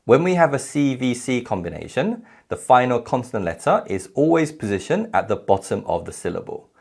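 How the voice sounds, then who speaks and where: A man teaching a recorded language lecture, explaining clearly and slowly enough to follow, repeating example sounds. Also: mid-range voice, sing-song, darkish tone.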